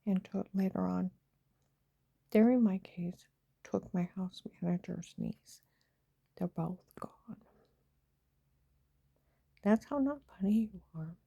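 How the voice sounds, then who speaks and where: Low gravelly woman, breathy half-whisper. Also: warm tone, dry recording, dull audio. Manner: agitated, emphatic retelling with quoted dialogue. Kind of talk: personal storytelling vlog.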